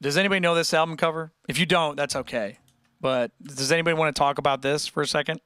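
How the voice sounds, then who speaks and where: A young man chatting casually with viewers on his livestream, rambling and animated, with many restarts and fillers. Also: fairly high pitch, fast, smooth, dry recording, studio quality. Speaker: musician hosting a livestream chat.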